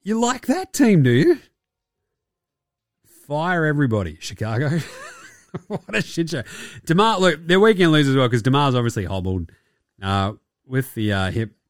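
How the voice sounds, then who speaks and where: A man's voice: a little high, very animated, normal speed, pauses often, no room sound, studio quality. A young adult man hosting a casual basketball podcast, crude and sarcastic, swearing and laughing often. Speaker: podcast host.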